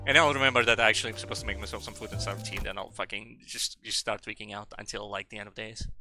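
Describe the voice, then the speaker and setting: A young male streamer rambles and jokes at himself, swearing freely as he talks. His voice is bright and cutting, with a gravelly rasp underneath. Faint music plays behind him. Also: lowish voice, fairly even intonation, racing. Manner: rambling, profane, self-mocking. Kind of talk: casual live-stream chat.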